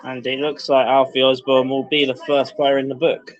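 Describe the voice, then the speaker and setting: A mid-range male voice with flat delivery and a moderate pace provides live football commentary for the club's stream. He names players and lifts his voice as play unfolds at a floodlit outdoor ground, and the livestream audio sounds dull and lo-fi.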